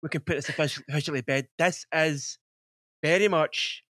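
Here a forties-aged podcast host, speaking a little fast in a slightly high, steady, fairly bright voice, rambles through casual film talk with many filler words. The recording is dry and studio quality.

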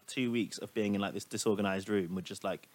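A man's voice: lowish voice, fairly even intonation, quick pace, no echo. A man in casual chat, reacting and filling his talk with "like". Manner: reactive, says like a lot.

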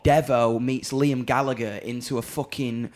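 A man's voice: mid-range voice, steady tone, moderate pace, noisy background. A young man with a British accent telling a funny anecdote in casual chat. He swears freely and acts out the other people's lines as he goes. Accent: British English.

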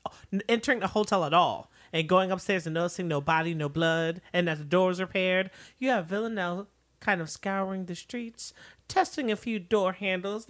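Woman podcast co-host, steady plot narration, a touch low in pitch. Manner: narrates plot in a measured, storytelling way. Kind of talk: casual recap chat.

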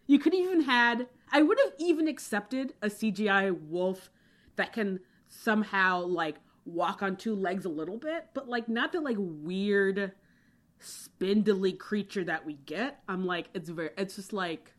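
A woman's voice: medium pitch, expressive, a little slow. A woman co-hosting a casual book discussion podcast, talking animatedly with laughs and exasperated rants. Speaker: podcast co-host.

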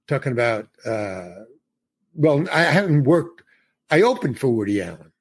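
Speaking a little slowly in a medium-pitched, slightly rough, very animated voice, an octogenarian man from New York spins a wandering anecdote as a guest on a podcast. He performs the quoted dialogue along the way.

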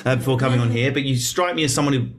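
A man's voice: mid-range voice, rapid-fire. A man with an Essex accent hosting a casual chat, blunt and joking, swearing freely. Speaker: podcast host.

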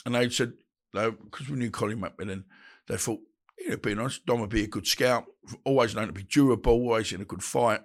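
A man's voice: medium pitch, brisk. A man, telling stories bluntly in a casual interview and acting out the dialogue he quotes. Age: 50s. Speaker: guest, boxer.

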